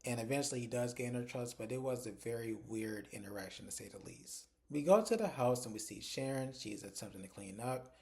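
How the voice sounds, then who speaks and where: Mellow-voiced man recapping a TV episode. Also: mid-range voice, animated, fairly quick, vocal fry, hardly any pauses. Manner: chatty storytelling, strings events with "and so" and "like". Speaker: TV episode reviewer.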